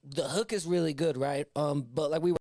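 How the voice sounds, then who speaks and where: A man's voice: fairly high pitch, steady tone, moderate pace, warm tone, a little hiss or hum. A man co-hosting a casual show, talking in a laid-back, slangy way. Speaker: co-host. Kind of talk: casual chat.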